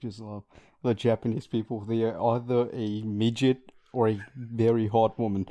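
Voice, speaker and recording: Third voice on the podcast: man, dark and mellow tone, dry jokes. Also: fairly low pitch, little pitch movement, moderate pace. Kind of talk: casual chat.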